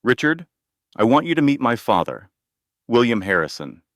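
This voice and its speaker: A man voicing a composed, confident young woman who speaks in a cool, steady way. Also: mid-range voice, normal speed, no echo, clean studio sound, pitched above the performer's own voice.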